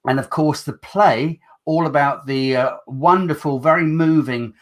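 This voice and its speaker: A man with a Black Country accent hosts a relaxed chat show. He speaks in a slightly high voice. He is chatty and self-deprecating, and he stumbles over words now and then. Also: unhurried. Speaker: host. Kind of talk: casual chat.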